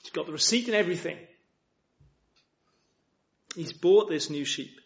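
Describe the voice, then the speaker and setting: Male preacher, high voice, earnest sermon, loud appeals and hushed asides, dull lo-fi sound. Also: lively intonation, normal speed, creaky. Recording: dull lo-fi recording.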